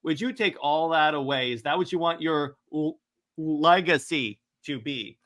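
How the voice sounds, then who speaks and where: Bright-voiced man chatting about comics. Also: a little high, unhurried. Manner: rambling, many restarts, reads out comic dialogue. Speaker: podcast co-host. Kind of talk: casual comic book discussion.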